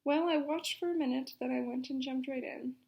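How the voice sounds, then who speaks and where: A woman reading a picture book aloud for children's story time in an expressive, dramatic manner. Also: sits high, fairly quick, gravelly.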